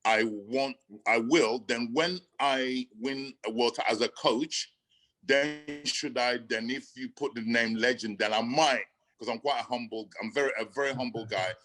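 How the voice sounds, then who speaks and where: A middle-aged man talks as a guest on an interview show, earnest and openly emotional. His pitch sits in a plain middle range, and his sentences break off and start again as he searches for words. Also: a bit bright, rough recording. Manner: earnest, emotional, halting with restarts. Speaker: boxing coach guest. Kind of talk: interview conversation.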